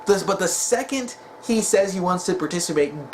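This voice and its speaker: A young man chatting casually in a rambling commentary, leaning on fillers and quick chuckles. His voice is slightly high and very lively in pitch. Faint noise sits behind him. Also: rough recording. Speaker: video commentator.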